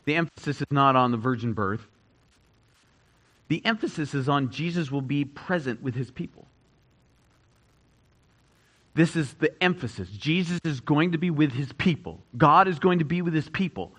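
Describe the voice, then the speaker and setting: A man preaching a sermon as a pastor, repeating key phrases and swinging between loud emphasis and hushed statements. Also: fairly high pitch, animated, normal speed, pauses often, poor audio.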